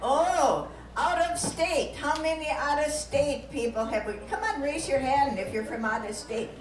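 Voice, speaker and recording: A woman's voice: high voice, measured pace. Folksy Minnesotan woman teasing a crowd. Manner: folksy, teasing, laughs while talking, breaks into song. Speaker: comic performer. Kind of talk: live stage comedy with audience banter. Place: live show venue. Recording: echoey room from far off, live music.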